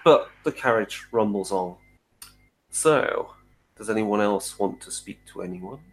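A man narrating as game master in a tabletop role-playing game, often pausing with fillers. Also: lowish voice, soft background music, rough recording. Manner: hesitant, many fillers and restarts.

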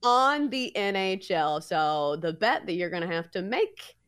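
Female co-host, animated pitch, playful game-show energy. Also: unhurried, smooth. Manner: playful, sing-song game-show hype. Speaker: podcast co-host. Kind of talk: casual sports betting chat.

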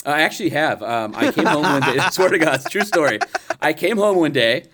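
A man's voice: fairly high pitch, animated, fairly quick, noisy background. A man co-hosting a podcast about trucks, telling stories in casual chat. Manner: chatty storyteller, acts out quoted voices. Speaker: podcast co-host.

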